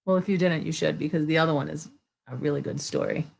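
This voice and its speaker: A woman's voice: low-pitched, fairly even intonation, fast, vocal fry, darkish tone. Chatty woman hosting a story hour. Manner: chatty, greets viewers by name, reads expressively. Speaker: storyteller hosting a live reading. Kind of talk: casual live-stream chat and read-aloud.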